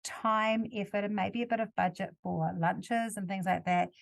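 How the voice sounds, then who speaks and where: A woman's voice: medium pitch, fairly even intonation, normal speed, gravelly. Woman hosting a chatty solo podcast. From New Zealand. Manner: conversational, self-correcting, gives examples. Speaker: podcast host.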